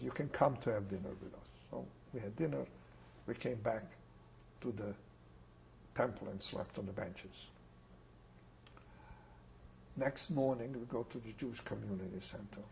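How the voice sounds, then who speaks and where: An older man from Czechoslovakia giving oral history testimony, telling his story in an unhurried, plain way with pauses. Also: on the low side, gravelly, darkish tone, a little hiss or hum, poor audio. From Ungvar, Czechoslovakia. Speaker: Holocaust survivor interviewee.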